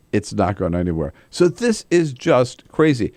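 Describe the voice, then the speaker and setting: A man hosting a political talk radio show, giving animated commentary and sometimes mocking politicians. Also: medium pitch, normal speed, no echo. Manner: animated, mocks politicians with put-on voices.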